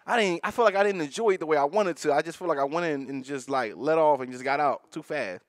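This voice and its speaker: A man from North Philadelphia with a Philadelphia accent, co-hosting a podcast and telling stories in an animated way, laughing and full of slang. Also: on the high side, fast talker, dry recording, studio quality. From North Philadelphia, USA. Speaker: podcast co-host. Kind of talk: casual storytelling chat.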